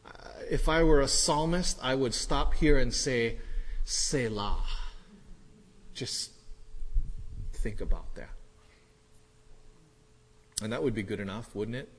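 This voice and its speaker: A male pastor preaching a sermon, moving from quiet reflection to loud, animated storytelling. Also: medium pitch, a little slow, pauses often. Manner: builds from quiet musing to loud excited storytelling. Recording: echoey hall reverb.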